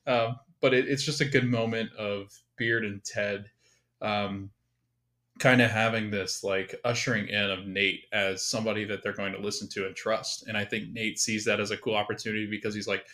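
A man's voice: fairly low pitch, little pitch movement, moderate pace, pushed and bright. A man co-hosting a podcast, chatting eagerly about a favorite scene and quoting characters as he goes. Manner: enthusiastic, quotes characters, laughs. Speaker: podcast co-host. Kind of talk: casual episode recap chat.

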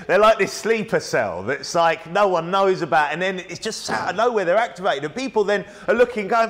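A man preaching a sermon, his voice sitting a little high for a man. He keeps it conversational yet emphatic and keeps asking rhetorical questions. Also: animated, moderate pace, hardly any pauses, fairly bright tone.

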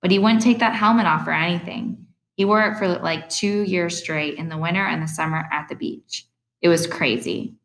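A woman's voice: on the low side, moderate pace, fairly bright tone, reverberant, a little hiss or hum, low-quality recording. A woman reading an audiobook voices a breezy, confident teenage girl who talks in a casual, confiding way. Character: teenage girl, pink-haired, breezy and knowing.

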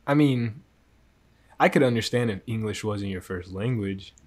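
A man's voice: lowish voice, moderate pace. A young man in casual chat, giggly and incredulous.

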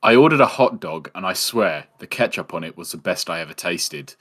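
A man's voice: deep voice, expressive, a little fast, fairly bright tone. A man co-hosting a casual podcast, reading short horror stories aloud in a laid-back, hesitant way. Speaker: podcast co-host.

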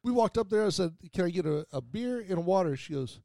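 A man hosting a radio show, telling profane, animated anecdotes in casual chat. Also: sits high, fast, creaky, no room sound.

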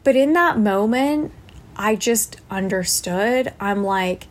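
A woman's voice: mid-range voice, measured pace. A woman podcast host telling a personal story in an earnest, reflective way, often tagging thoughts with "like" and "right?".

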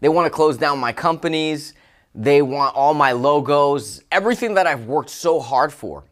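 A man hosting his own motivational podcast, telling a personal story with emphatic, excited exclamations. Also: a little high, moderate pace. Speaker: podcast host.

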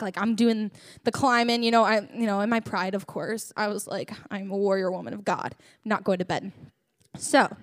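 A young woman giving a humorous, chatty sermon testimony as a church speaker, joking and talking straight to the congregation. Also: a little high.

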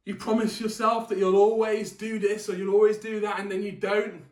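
A man's voice: high voice, level tone, normal speed, darkish tone. A man preaching a sermon in a conversational way, restarting words and asking the audience questions, in a church hall. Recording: echoey room, distant mic.

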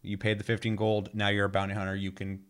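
A man with a fairly low voice, talking about a game in a loose, rambling way. He swears freely and fills his sentences with "like" and "um", in an easy, unscripted chat. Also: monotone, fast, a bit bright, smooth.

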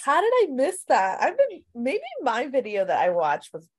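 A woman in casual chat recapping a TV show, animated and swearing freely as she acts out quotes. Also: a little high, moderate pace. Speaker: podcast co-host.

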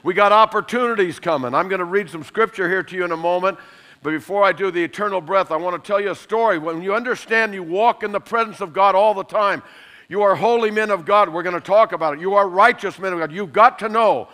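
A middle-aged man preaching a sermon, lively and emphatic, telling funny stories and laughing along. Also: high voice, quick pace. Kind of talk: sermon with humorous storytelling.

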